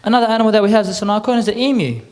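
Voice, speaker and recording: An Australian man presenting to a live audience, chatty and a little croaky, getting the crowd to repeat words back. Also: high-pitched, racing, a little mellow, slight background noise. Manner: chatty, quizzes the crowd with call-and-response. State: a bit croaky. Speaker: cultural presenter. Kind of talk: lively audience address.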